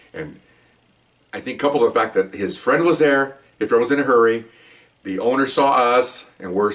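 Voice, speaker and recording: A fast-talking older man with a fairly low voice recounts his days as a police officer in a loose, rambling style. He keeps checking in with "okay?" and circles back on himself. His voice sits a little away from the microphone. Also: a bit bright, far from the mic. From Mexican heritage, raised in the US. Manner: rambling, chatty, with frequent "okay?" asides and restarts. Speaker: retired police officer storyteller. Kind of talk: casual first-person storytelling to camera.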